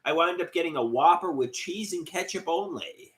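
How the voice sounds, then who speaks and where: A man's voice: fairly high pitch, normal speed, a bit bright. A man hosting a casual livestream, rambling and chatty as he reads out viewer comments and greets them by name. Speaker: livestream host.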